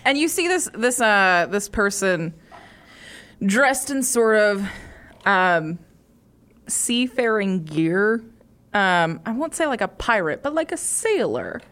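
A woman's voice: medium pitch, very animated, slow pace, a bit bright. A woman narrating a tabletop game as game master, rambling with lots of ums and likes. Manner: rambling, many fillers.

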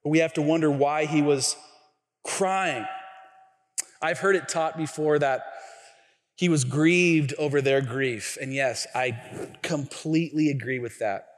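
A man preaching a sermon as pastor, telling stories animatedly with acted quotes and a casual, filler-heavy delivery. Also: fairly high pitch. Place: church sanctuary. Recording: long church hall reverb.

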